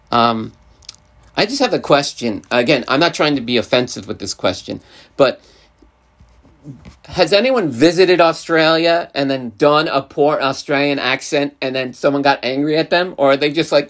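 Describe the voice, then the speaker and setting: A man's voice: medium pitch, moderate pace, fairly bright tone. Rambling man with a New York accent. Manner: rambling, many fillers and restarts. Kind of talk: casual chat.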